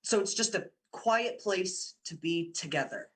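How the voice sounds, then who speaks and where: A man's voice: high-pitched, expressive, unhurried. A young man playing a coaxing student boyfriend. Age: young adult. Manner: coaxing, teasing, insistent. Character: young male university student, persuasive boyfriend. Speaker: boyfriend Dick. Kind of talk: amateur radio drama acting.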